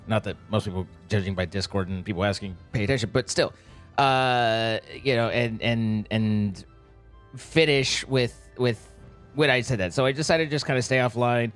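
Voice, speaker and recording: A man's voice: on the low side, steady tone, moderate pace, a bit bright, faint music behind. A young man live-streaming a game, chatting loosely and greeting viewers by name in a rambling, playful way. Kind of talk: casual live-stream chat.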